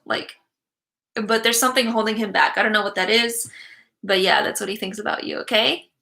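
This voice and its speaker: A woman's voice: mid-range voice, fairly even intonation, a little slow, gravelly, sharp tone. A young woman giving psychic readings on a live stream, chatty and giggly with many fillers.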